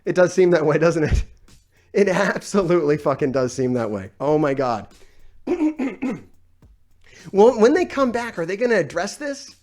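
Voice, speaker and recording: A man's voice: high voice, sing-song, a little slow, a little mellow. Man ranting profanely on a live stream. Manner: exasperated, profane, sarcastic. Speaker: YouTube gaming commentator. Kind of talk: live-stream rant reading comments.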